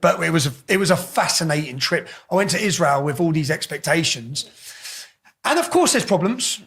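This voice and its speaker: A middle-aged English man telling stories casually as an interview guest, animated and swearing freely. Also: a little high, moderate pace, creaky, husky. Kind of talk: casual storytelling.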